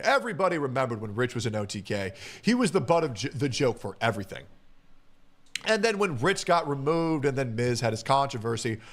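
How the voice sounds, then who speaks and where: A man telling a story in casual conversation. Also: medium pitch.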